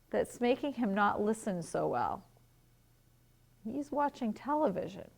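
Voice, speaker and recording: A woman teacher reading a picture book to young children at home, gently asking questions and explaining words. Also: medium pitch, animated, slow pace, vocal fry, long pauses.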